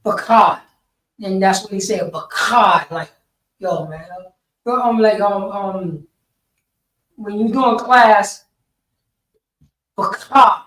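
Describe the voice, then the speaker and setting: This high-voiced man talks slowly and pauses often, giving a casual Bible class explanation of Hebrew words that is loose, repetitive and full of slang. It's a Sabbath class in a meeting hall, captured with a little hiss or hum, roomy echo and distance from the microphone.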